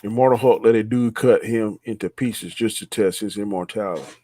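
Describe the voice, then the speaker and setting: A man's voice: fairly low pitch, brisk, husky, no echo. A man teasing a friend in casual live-stream chat. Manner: playful teasing, animated. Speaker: co-host.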